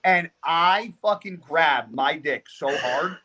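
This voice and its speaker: A man recounts a story in loose, casual podcast talk. His voice sits a little high, and he rambles, swears constantly and stays animated throughout. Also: takes it slowly, a crowd in the background. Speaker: podcast guest.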